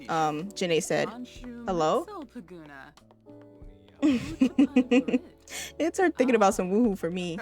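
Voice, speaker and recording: A young woman giving casual gameplay commentary, chatty and laughing often as she talks to her viewers. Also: medium pitch. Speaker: gaming video creator.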